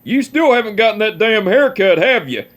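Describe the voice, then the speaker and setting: A man doing a gruff, cussing old great-grandpa. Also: high voice, animated, normal speed, fairly bright tone, pitched above the performer's own voice. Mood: gruff teasing. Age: older. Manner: gruff, profane teasing.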